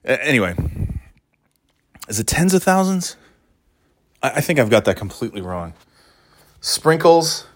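A man's voice: on the low side, very animated, normal speed, long pauses, a bit bright. A man from New England in a rambling, self-mocking monologue, exasperated at times.

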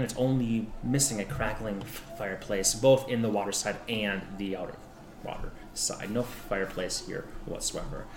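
A man's voice: medium pitch, reverberant. A man narrating a tabletop game as game master, rambling with lots of restarts and fillers.

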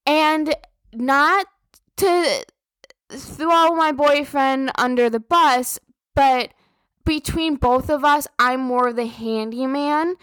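A woman's voice: high voice, takes it slowly, a bit bright, no echo. Profane rambling young woman. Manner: profane, rambling, filler-heavy. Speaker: podcast host. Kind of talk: casual venting monologue.

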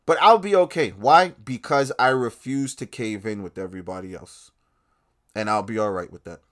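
Man, podcast host, angry rant, swearing, loud then quiet. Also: fairly low pitch, moderate pace. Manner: profane, heated, swings between shouting and muttering.

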